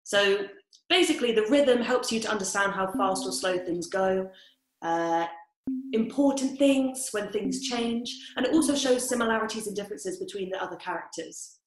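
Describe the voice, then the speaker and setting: A woman's voice: medium pitch, normal speed. A woman patiently explaining in a casual, scripted educational chat. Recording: roomy echo.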